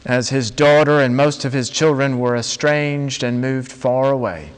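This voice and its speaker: A man preaching a sermon, telling a story slowly and dramatically with long pauses. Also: medium pitch, smooth. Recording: long reverb of a large hall.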